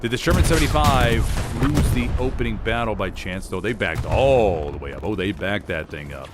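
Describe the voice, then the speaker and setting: A man doing live play-by-play commentary on a competitive shooter match, lively and prone to sudden exclamations. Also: on the low side, normal speed, heavy background noise. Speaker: competitive game caster. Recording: game gunfire and artillery clearly heard behind. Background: game gunfire and explosions.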